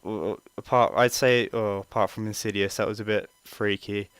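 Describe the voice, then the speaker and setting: A young man tells a story in a loose, chatty way, full of fillers and the odd swear word. His voice is smooth and very clear. The recording is dry, with no room sound. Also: fairly low pitch, steady tone, moderate pace, fairly bright tone, no echo. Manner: rambling, chatty, swears freely, many fillers. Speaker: vlogger. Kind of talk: casual storytelling.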